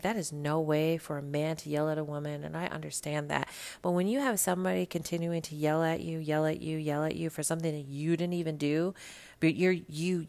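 A woman's voice: low voice, vocal fry. A woman hosting a podcast, giving a blunt, gossipy, casual recap of reality TV, swearing freely. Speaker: podcast host.

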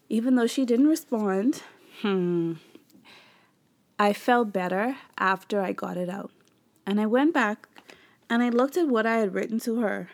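A woman hosting a podcast, talking candidly about her faith and marriage in a chatty way. She calls her listeners "y'all" and acts out her own words in animated bursts. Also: fairly high pitch. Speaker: podcast host.

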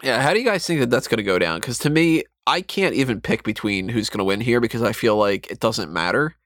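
Lively low-voiced man in dry sound. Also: fairly quick, dry recording. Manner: animated, mocking asides, rambling. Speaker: podcast co-host. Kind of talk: casual wrestling chat.

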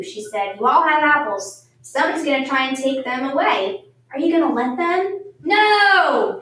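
A woman reading a children's storybook aloud, lively and acting out the voices. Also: high-pitched. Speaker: storybook reader. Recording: echoey room, far from the mic.

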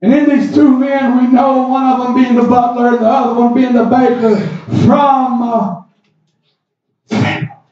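A man preaching a youth sermon, acting out biblical characters and rising to shouts. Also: very high voice, flat delivery, measured pace. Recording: roomy echo, distant mic, dull sound.

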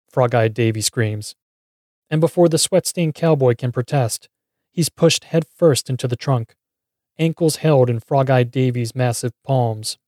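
A man narrating a first-person horror story with wry, dramatic timing. His voice is dark and warm, and the recording is dry and close with no room sound. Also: medium pitch, measured pace, dry recording.

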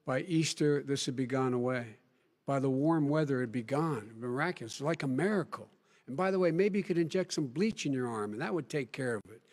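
A man in a heated televised debate, halting and stammering as he tries to finish his points. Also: mid-range voice, expressive, darkish tone. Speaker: debate candidate. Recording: long hall reverb, debate stage.

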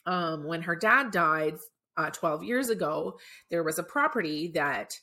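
Chatty woman podcaster, low voice. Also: lively intonation, unhurried, bright, forceful tone. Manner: chatty, many "like" fillers, emotional. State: choked up at times. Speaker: podcast host. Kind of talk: casual storytelling monologue.

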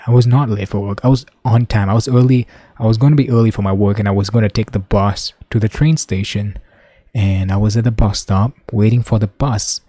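Young man, solo podcast host, rambling and profane, low mellow voice, husky and dry. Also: no room sound. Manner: rambling, profane, swings between mumbling and loud outbursts. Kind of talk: casual solo podcast monologue.

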